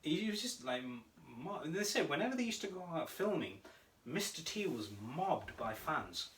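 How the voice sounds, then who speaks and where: A man co-hosting a casual podcast, telling stories with animated energy and frequent laughter. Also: fairly high pitch, normal speed, slight background noise. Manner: animated storytelling, laughs often. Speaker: podcast co-host. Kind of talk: casual chat. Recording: roomy echo, mic at a distance.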